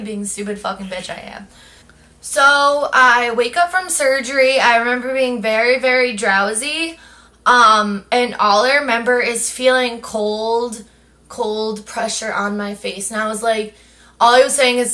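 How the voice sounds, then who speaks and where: A young woman on a vlog tells her own story at normal speed in a voice on the high side. Her delivery is chatty and casual, and she animatedly mimics what others said.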